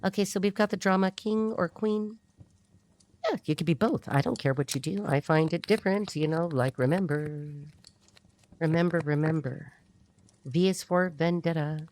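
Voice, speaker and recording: A woman's voice: on the low side, moderate pace, a little mellow. A woman giving a rambling, blunt, casual tarot reading to her viewers. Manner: rambling, chatty, blunt and irreverent. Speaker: tarot reader.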